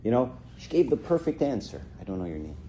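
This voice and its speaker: A fast-talking middle-aged man, very animated with a mellow mid-range voice, gives an informal youth talk at church. He chats with the audience, says "right?" a lot, and acts out short quotes, over a little hiss or hum.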